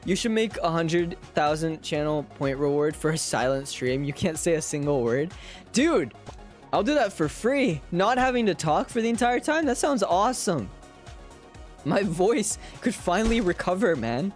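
Giggly female gaming streamer with a lively, animated voice who swears casually and reads game text aloud. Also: medium pitch, moderate pace, faint music behind. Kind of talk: casual live-stream commentary.

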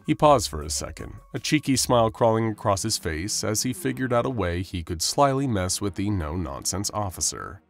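A man narrating a story in a dramatic, expressive way. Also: low-pitched, moderate pace, creaky, few pauses. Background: faint music.

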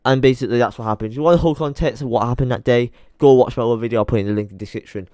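A man's voice: medium pitch, rapid-fire, a little mellow, dry recording, clean studio sound. A young man ranting angrily to his channel, swearing and repeating himself in heated bursts. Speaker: YouTuber. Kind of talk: angry rant to camera.

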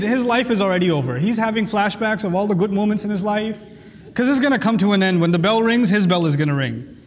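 A man's voice: high-pitched, normal speed, in a large hall. A man teaching a lecture on the Quran, speaking emphatically and reciting Arabic verses.

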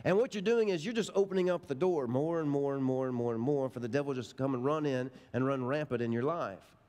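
A man's voice: a little high, a little mellow. A middle-aged male pastor preaching a sermon, telling stories in an emphatic, folksy way. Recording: long reverb of a large hall.

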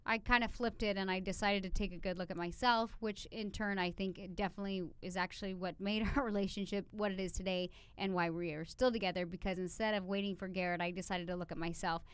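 A woman's voice: mid-range voice, steady tone, fast talker, few pauses, smooth, dry recording. A woman co-hosting a relationship podcast, talking candidly about her marriage and laughing easily. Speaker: podcast co-host. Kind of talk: casual conversation.

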